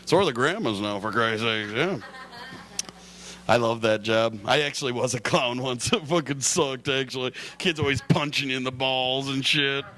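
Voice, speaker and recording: A young man from Michigan doing a stand-up comedy set in a club, hyper, loud and crude, laughing at his own jokes. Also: mid-range voice, normal speed.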